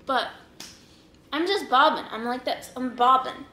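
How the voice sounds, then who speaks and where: A young woman hosting an eating show, telling a rambling story in a casual, animated way, acting out what people said and laughing often. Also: high-pitched, a little slow. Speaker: mukbang host. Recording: roomy echoing room.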